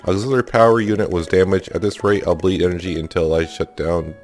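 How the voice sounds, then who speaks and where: A man reading aloud the lines of a lonely, childlike female research AI in a game, in his own low voice. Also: fairly even intonation, quick pace, darkish tone, soft background music, lightly acted. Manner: plain read-aloud, hardly voiced.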